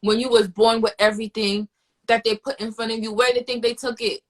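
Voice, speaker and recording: A woman's voice: a little high, level tone, brisk. A woman host in casual chat, ranting in a profane, fired-up way.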